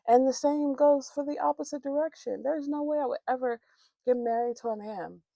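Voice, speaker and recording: A woman's voice: high voice, fairly quick, gravelly, warm tone, no room sound, clean studio sound. A woman vlogger chatting casually, telling a rambling, profane, candid story with many restarts.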